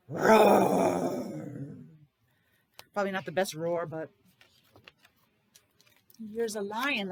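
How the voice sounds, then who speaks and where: A woman teacher with a Rhode Island accent reading a picture book aloud to young children, sounding out letters slowly and repeating words in a sing-song way. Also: mid-range voice, a little hiss or hum.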